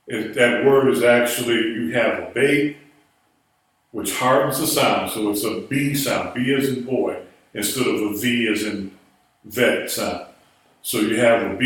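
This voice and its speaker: A man teaching Hebrew speaks at a measured pace in a medium, slightly bright voice, patiently spelling out words letter by letter. The recording is distant, with room echo.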